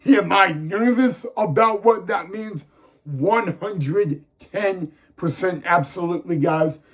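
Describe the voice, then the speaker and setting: A young man talking casually to his viewers as a fan vlogger, eager and excitable, often calling them "guys". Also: sits high, slow pace, husky. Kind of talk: casual direct-to-camera talk.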